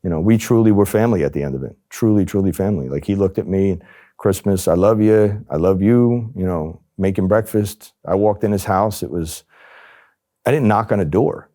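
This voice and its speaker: Middle-aged man, deep mellow voice, animated interview storyteller who acts out quotes. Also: a little fast. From New Jersey. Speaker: former undercover agent.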